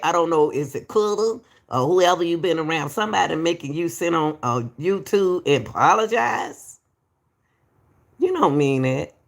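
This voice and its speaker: Gravelly woman calling people baby. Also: fairly low pitch. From Atlanta, US. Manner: repetitive, emphatic, calls people baby. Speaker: YouTube commentator. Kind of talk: reaction commentary.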